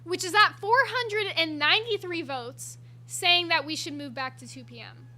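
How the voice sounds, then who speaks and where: A woman with a high, bright, sharp voice co-hosts a livestream in casual chat. She is upbeat as she reads out stream updates. A faint hum sits underneath. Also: normal speed. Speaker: co-host of a livestream.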